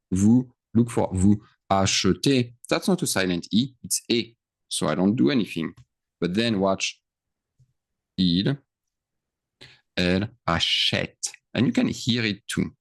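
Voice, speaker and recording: A man's voice: low voice, vocal fry. A man teaching verb endings, patiently checking in with his students as he writes. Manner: patient, checks in often, stretches words out. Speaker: French teacher. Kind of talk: slow explanatory grammar lesson.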